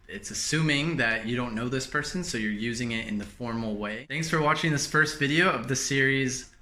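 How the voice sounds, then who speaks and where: A man giving a casual language lesson, explaining French greetings and repeating each phrase slowly for learners. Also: medium pitch, sharp tone, reverberant.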